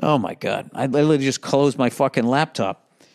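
A man's voice: mid-range voice, normal speed, vocal fry, darkish tone. A man hosting his own show, telling a rambling, profane comic story to listeners with many fillers and restarts. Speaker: comedian podcast host.

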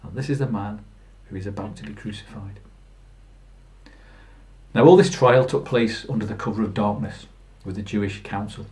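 A man's voice: fairly low pitch, moderate pace, darkish tone. A man preaching a Good Friday sermon in plain storytelling, earnest, with fillers and restarts. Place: church.

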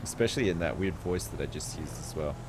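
Excitable swearing male game streamer. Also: very deep voice, quick pace, background noise. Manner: excitable, swears often, jokey. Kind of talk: live gameplay commentary.

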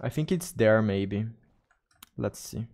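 A man's voice: lowish voice, slow pace, gravelly, a little mellow. A man with a Brazilian Portuguese accent, streaming a game and chatting to viewers in English, often repeating and restarting his words. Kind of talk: casual gaming livestream chat.

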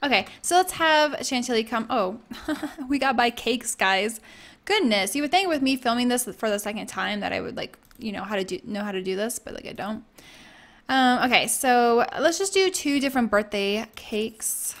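A woman's voice: a little high, animated, moderate pace, fairly bright tone. A young woman giving casual, bubbly let's-play commentary, gushing and chatting with her viewers and characters. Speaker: gaming YouTuber.

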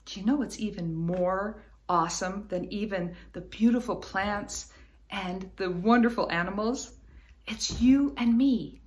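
A woman giving a children's Bible lesson at home in her living room, cheerful and encouraging as she talks straight to the kids. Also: mid-range voice. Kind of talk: teaching young children, with singing.

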